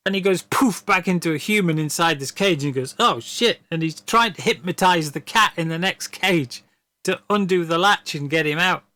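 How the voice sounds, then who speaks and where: A man chatting on a stream, rambling and repeating his words as he laughs his way through a story. His voice is bright and sits a little high. The sound is close and dry. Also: moderate pace, no room sound. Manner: rambling, stammering storyteller who laughs often. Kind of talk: casual chat.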